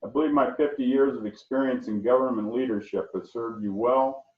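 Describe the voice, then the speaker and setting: A man's voice: medium pitch, fairly quick. Older man on a distant, tinny line. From Arizona. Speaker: county supervisor candidate. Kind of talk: prepared campaign statement. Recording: distant echoey phone-like line.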